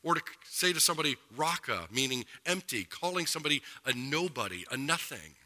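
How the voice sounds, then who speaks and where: A man preaching a sermon as pastor, earnest, slowing down to stress his points. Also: a little high, big pitch swings, bright, forceful tone, in a large hall. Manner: earnest preaching with slowed emphasis.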